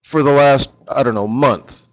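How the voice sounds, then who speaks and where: A man's voice: mid-range voice, unhurried, dull audio. A man leading a live forex strategy session, chatty and joking, talking straight to his viewers.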